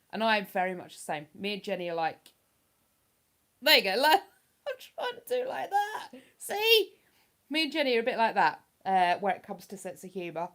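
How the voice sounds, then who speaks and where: A woman with a medium-pitched, fairly bright voice hosts a casual livestream, chatting with viewers and reading their chat comments aloud. She rambles and pokes fun at herself as she goes.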